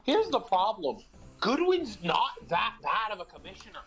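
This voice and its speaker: A man co-hosting a let's play, chatting casually in an animated, joking way. His pitch swings widely as he talks, with faint game music behind him. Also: moderate pace. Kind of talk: casual gaming chat.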